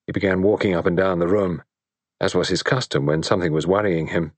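Brief: male audiobook narrator, low voice, measured storytelling, dry close mic. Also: dry recording.

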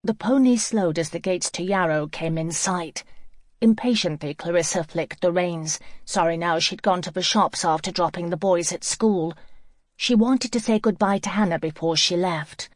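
A woman reads a novel aloud in a calm, even storytelling manner. Her voice sits fairly low. The sound is dry and close, with no room around it. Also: normal speed, dry recording. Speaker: audiobook narrator. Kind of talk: scripted narration.

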